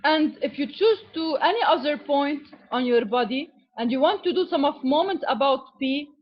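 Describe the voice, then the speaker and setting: Teaching an engineering class, this woman speaks at normal speed in a high, lively voice, explaining each step and checking in with "okay?". She shifts into Arabic when addressing students, and the recording is dull.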